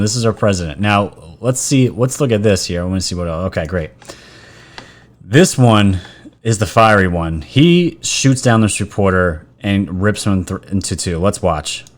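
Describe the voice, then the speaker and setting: A man hosting a casual commentary vlog, chatty and excitable, talking straight to his viewers as "guys.". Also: on the low side. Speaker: vlog host.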